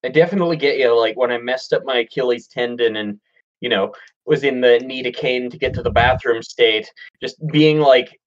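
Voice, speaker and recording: A man's voice: mid-range voice, normal speed. A man chatting casually and joking on a video call. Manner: joking, self-described smart aleck. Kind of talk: casual chat between game sessions. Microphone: video call mic. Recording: dull lo-fi call audio.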